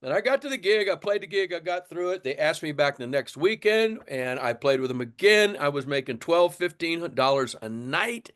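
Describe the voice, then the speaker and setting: A man's voice: fairly high pitch, moderate pace, hardly any pauses. Older man telling stories with laughs. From Texas. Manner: animated storyteller, acts out voices, laughs often. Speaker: guest drummer. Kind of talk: storytelling interview.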